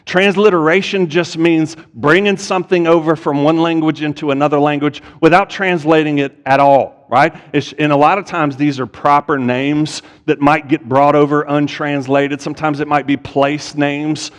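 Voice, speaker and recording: A man's voice: fairly high pitch, level tone, normal speed, few pauses. A male pastor teaching a sermon, explaining step by step and asking his listeners rhetorical questions. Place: church sanctuary. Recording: long hall reverb.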